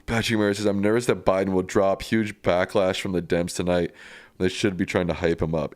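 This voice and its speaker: A man's voice: low voice, little pitch movement, a little fast, no room sound. A man hosting a live stream, reading viewer comments aloud and answering them in a casual, plainspoken way.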